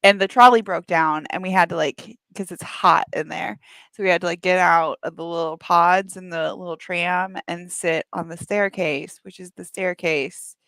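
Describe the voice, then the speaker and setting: Female co-host from the Midwest, rambling casual talker, gravelly, dry close sound. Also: on the low side, fairly even intonation, moderate pace, fairly bright tone, dry recording. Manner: rambling, filler-heavy storytelling. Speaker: podcast co-host. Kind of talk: casual chat.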